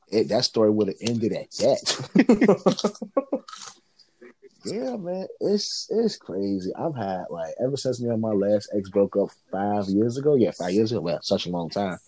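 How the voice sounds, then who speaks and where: A man in casual chat, telling profane, animated stories as a co-host. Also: on the low side, moderate pace, a little hiss or hum. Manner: animated, profane, lively storyteller.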